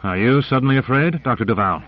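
A man's voice: mid-range voice, lively intonation, quick pace, natural voice. A man playing a grim, sardonic agent. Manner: sardonic, muttering. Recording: muffled lo-fi recording.

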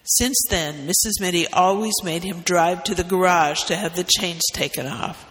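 A man reading a story aloud as narrator, with steady, expressive narration. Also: high-pitched, normal speed, hardly any pauses, long reverb tail.

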